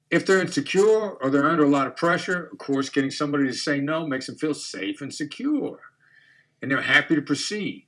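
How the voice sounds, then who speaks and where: A man giving a calm, measured instructional talk on negotiation, demonstrating his tones of voice as he explains. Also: medium pitch.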